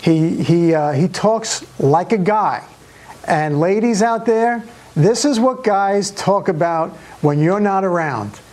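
A man's voice: high voice, animated, slow, darkish tone. A man in a played clip, dismissively scolding listeners to grow up.

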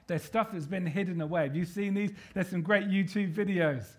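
A man with a high voice delivers a church sermon. He is emphatic and rallying, and he keeps tossing call-and-response questions to the congregation to pull them in. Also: a little fast. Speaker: preacher.

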